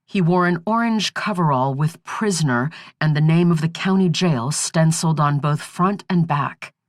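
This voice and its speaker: A woman narrating an audiobook thriller in a slow, measured, steady reading. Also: low voice, no room sound, studio quality.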